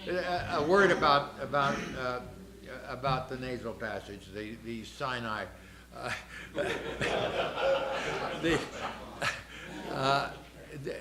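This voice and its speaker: Leading singers through rehearsal, an older man explains the music and counts them in, taking it slowly with frequent pauses. His voice is mid-range, and crowd noise fills the echoey rehearsal room.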